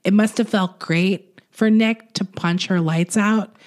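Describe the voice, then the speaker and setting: A woman's voice: medium pitch, fairly even intonation, measured pace, a little mellow. Woman co-host, casual chat, laughs often, blunt, swears a little. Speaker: podcast co-host. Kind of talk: casual chat about a film.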